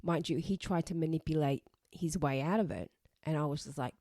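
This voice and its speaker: A woman's voice: fairly low pitch, lively intonation, a little fast, darkish tone, no room sound, clean studio sound. A woman hosting a podcast, giving blunt, emphatic advice and repeating her points for emphasis. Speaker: podcast host.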